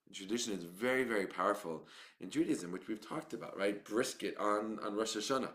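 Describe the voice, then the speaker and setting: A man's voice: on the low side, fairly quick, fairly bright tone. A man speaking as a rabbi in a teaching monologue, often restarting phrases and tagging lines with "right?" and "okay?".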